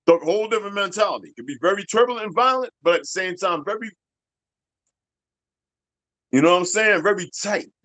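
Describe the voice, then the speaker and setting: This fifty-something man's voice sits high and a bit bright, captured dry. He's animated and fairly quick but pauses often, delivering a profane, off-the-cuff rant to his viewers that's blunt, streetwise, and full of tangents.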